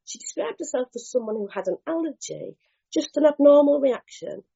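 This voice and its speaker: A woman sharing her recovery story at a meeting, candid and lively, acting out scenes with slang and the odd swear. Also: high voice, moderate pace, creaky. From Bristol, England. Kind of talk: animated personal storytelling. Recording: dull lo-fi meeting recording.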